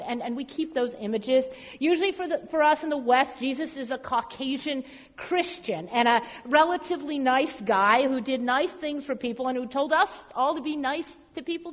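A woman preacher telling a story in a sermon, animated and emphatic, with fillers. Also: sits high. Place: church. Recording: echoey hall, dull sound.

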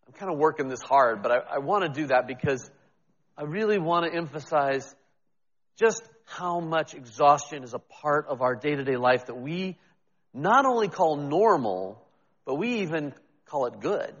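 A man's voice: on the high side, expressive, normal speed, a bit bright. Man, pastor, conversational sermon, self-deprecating, long church reverb, slightly dull sound.

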